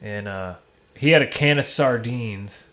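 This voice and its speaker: Man, from Michigan, casual podcast chat, rambling profane storyteller, mid-pitched voice. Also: unhurried, fairly bright tone.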